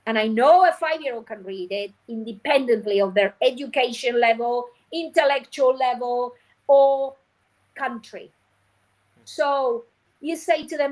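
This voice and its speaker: A woman phonics teacher trainer, a guest on a show, explaining her methods in a lively way and acting out classroom scenes. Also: a little high, unhurried, poor audio. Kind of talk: animated teaching talk.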